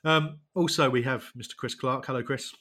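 A man's voice: mid-range voice, fairly even intonation, a little fast, pushed and bright. A man hosting a football podcast in casual chat, wry and self-deprecating, irritable from quitting vaping. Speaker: podcast host.

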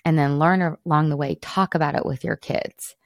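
Low-voiced woman hosting a candid podcast. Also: fairly even intonation, brisk, no room sound, clean studio sound. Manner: candid, encouraging, self-teasing. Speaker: podcast host, mom coach. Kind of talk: solo podcast talk.

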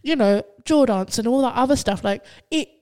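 Animated young woman, casual chat. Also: fairly high pitch, normal speed. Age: 20s. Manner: animated and expressive, mock-quoting others. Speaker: podcast guest, poet.

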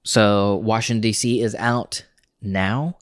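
A man's voice: fairly low pitch, fairly even intonation, takes it slowly, dry recording. Rambling young man, dry close sound. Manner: loose and rambling, many fillers. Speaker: podcast co-host. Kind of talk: casual chat.

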